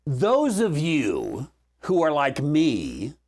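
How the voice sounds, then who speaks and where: A man's voice: fairly high pitch, huge pitch swings, very slow, a little mellow. A man teaching verse by verse through a Bible book in a conversational way, with frequent fillers and restarts and a dry sense of humor.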